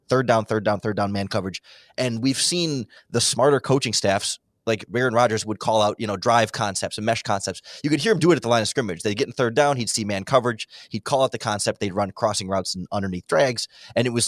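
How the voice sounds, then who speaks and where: A man in casual football analysis chat, talking in quick animated bursts as a podcast guest. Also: fairly low pitch, no room sound. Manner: animated, quick, breaks into mock impressions. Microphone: remote call microphone.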